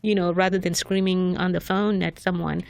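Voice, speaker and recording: A woman guest on a podcast, calmly explaining how a job-training program works, with some fillers. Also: on the low side, normal speed, vocal fry.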